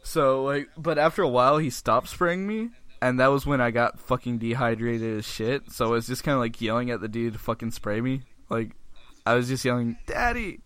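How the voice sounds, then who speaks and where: A man's voice: mid-range voice, steady tone, brisk, fairly bright tone, smooth, dry recording. A young man hosting a casual podcast, telling a rambling story full of swearing and laughter. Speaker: podcast host.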